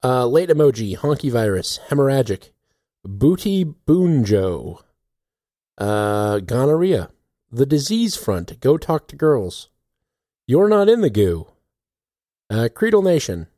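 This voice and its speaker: A man's voice: medium pitch, very animated, takes it slowly, warm tone, dry recording, clean studio sound. A man hosting a podcast in casual chat, often laughing between his remarks. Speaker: podcast host.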